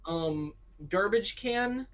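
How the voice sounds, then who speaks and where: A woman's voice: medium pitch, expressive, drawn-out words, over a noisy crowd, rough recording. American woman co-host, casual chatty delivery, rambling and giggly. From United States. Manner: rambling, giggly, lots of fillers. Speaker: podcast co-host. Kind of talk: casual chat.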